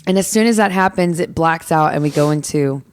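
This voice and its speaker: A woman with a deep voice, speaking fairly quickly, co-hosts a podcast and recaps a film scene in casual chat. She says "um" a lot and quotes lines from the film.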